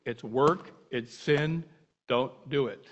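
An older man teaching a Bible class in a casual, animated way, asking many rhetorical questions and breaking off mid-sentence. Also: medium pitch, slow pace. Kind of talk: informal Bible teaching talk. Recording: muffled lo-fi recording.

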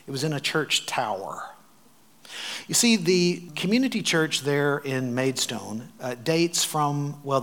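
An American man telling travel stories in a sermon, animated and wry, with dry asides. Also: medium pitch. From United States. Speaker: preacher. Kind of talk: sermon storytelling.

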